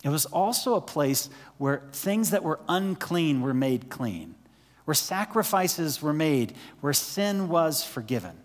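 Speaking at a measured pace in a large hall, this pastor has a fairly high, very animated voice. His sermon feels like conversation, full of questions to the audience and hushed, near-whispered moments of emphasis.

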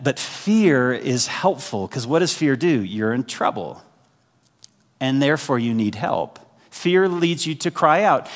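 A male pastor giving a sermon, talking to the congregation in a conversational way with emphatic pauses. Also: a little high. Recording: hall reverb.

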